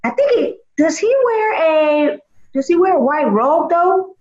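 A woman presenting a children's church lesson with a playful, theatrical, expressive manner. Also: sits high, unhurried, echoey room, dull audio.

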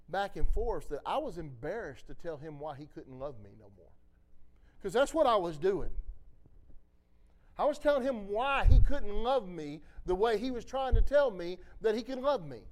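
A pastor preaching a sermon in a fairly high, very lively voice. His delivery moves from fervent exhortation to hushed, personal confession. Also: moderate pace. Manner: impassioned preaching that drops to quiet, confessional storytelling.

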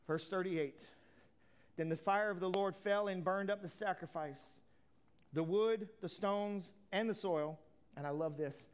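A man preaching a sermon as a pastor, swinging from loud declarations to hushed asides, with folksy plain talk. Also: sits high, a little slow, clean tone.

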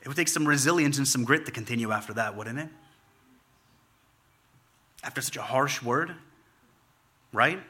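Bright-voiced man preaching a sermon. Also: mid-range voice, moderate pace, pauses often, slightly rough. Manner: preaching with repetition and rising emphasis. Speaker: pastor.

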